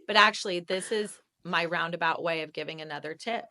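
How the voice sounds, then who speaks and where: A woman guest on a podcast, telling candid personal stories in an animated, conversational way and laughing often. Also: lowish voice, a little fast. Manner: animated, laughs often, acts out quoted voices. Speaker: real estate agent, podcast guest.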